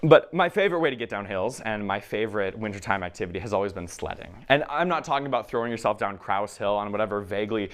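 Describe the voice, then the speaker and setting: A young man from Minnesota performing a stand-up comedy set, telling a self-deprecating story with halting pauses and many fillers. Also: lowish voice, lively intonation, clean tone. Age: young adult.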